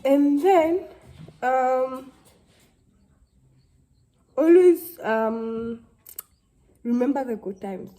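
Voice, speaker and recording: A young woman, talking to camera in a halting, heartfelt way and close to tears. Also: high-pitched, mellow, poor audio. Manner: halting, heartfelt, with many restarts. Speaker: vlogger. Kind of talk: casual talk to camera.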